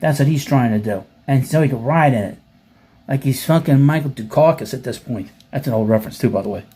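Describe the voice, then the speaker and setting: A man's voice: medium pitch, brisk, warm tone, breathy edge. A man hosting casual commentary, reading out comments with blunt, profane sarcasm and rambling asides. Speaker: commentary host.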